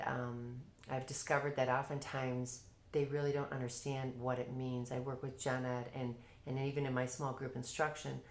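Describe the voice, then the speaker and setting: Explaining her approach to teaching reading, a woman with a strikingly low voice slips into a lively classroom tone to act out prompts. Her words echo hollowly, as if recorded in a bare room.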